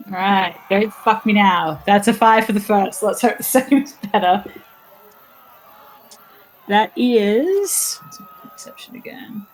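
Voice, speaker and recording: A woman's voice: medium pitch, wildly swooping pitch, slow pace, rough recording. A woman playing a tabletop game, describing her character and dice rolls in a casual, chatty way. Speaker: player.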